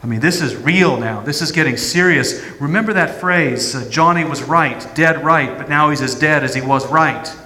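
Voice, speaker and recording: A man's voice: a little high, moderate pace, hardly any pauses, bright, forceful tone. Guy doing a no-nonsense realist voice, pushy, church echo. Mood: blunt. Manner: blunt, brusque. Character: blunt streetwise pragmatist inner voice.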